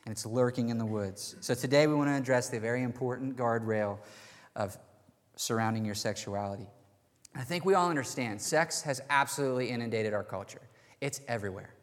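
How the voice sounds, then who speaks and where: A man preaching a sermon as pastor, telling stories in a lively, casual, conversational way. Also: mid-range voice, brisk, long reverb tail. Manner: energetic storytelling, casual and conversational.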